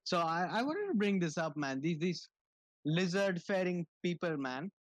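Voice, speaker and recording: Brief: young man, podcast co-host, high voice, slow mock-serious delivery, dry close mic. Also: lively intonation, no room sound. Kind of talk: casual banter.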